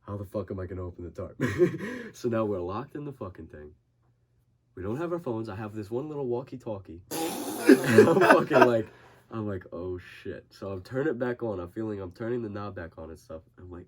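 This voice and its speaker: With slight background noise, a young man speaks briskly in a low, expressive voice as a podcast guest. The boxer swears nonstop while telling his story, acting out his friend's panic.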